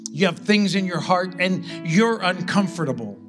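A man preaching a sermon as pastor, impassioned, with slow dramatic pauses. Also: high voice, expressive, over music.

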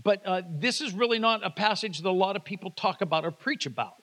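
A man's voice: high-pitched, lively intonation, quick pace, fairly bright tone. A man preaching a sermon, reading scripture and retelling it in casual everyday words, asking the congregation to repeat phrases. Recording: reverberant hall.

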